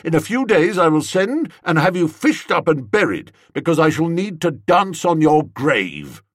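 A man voicing a bossy middle-aged aunt who scolds loudly and blusters, in a husky voice. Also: on the high side, sing-song, a little slow, no room sound, studio quality. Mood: scornful.

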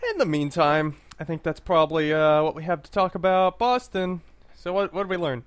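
This co-host's voice sits on the high side and moves fairly quickly. He chats casually on the podcast, wandering off track, hesitating, and restarting with plenty of fillers.

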